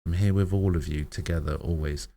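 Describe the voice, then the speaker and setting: A man's voice: deep voice, steady tone, fairly quick, warm tone. A man voicing a frightened, dying little girl who clings to her family and pleads tearfully. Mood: joyful.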